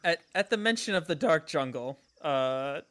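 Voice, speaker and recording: A woman's voice: low-pitched, lively intonation, normal speed, fairly bright tone. A woman playing a tabletop game, playful, with hesitant restarts. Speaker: player. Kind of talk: tabletop role-play.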